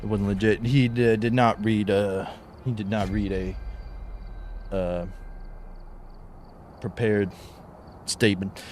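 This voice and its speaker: A man's voice: lowish voice, takes it slowly, long pauses, a little hiss or hum. A young man streaming a horror game live, chatting with his viewers in a mock-exasperated, joking way. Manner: animated, mock-exasperated banter with chat. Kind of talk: casual live-stream chat.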